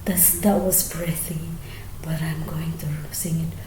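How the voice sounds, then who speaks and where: A woman explaining her singing technique in a soft, often half-whispered, hesitant way with many fillers. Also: low voice, level tone, a little slow. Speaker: singing teacher. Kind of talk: casual singing tutorial. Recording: roomy echo.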